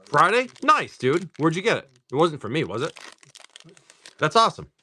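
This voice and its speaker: A man's voice: a little high, very animated, normal speed, sharp tone, breathy edge. A man hosting a live card-pack opening stream, chatting casually with viewers and swearing freely. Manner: loose and talkative, swears casually, talks to chat.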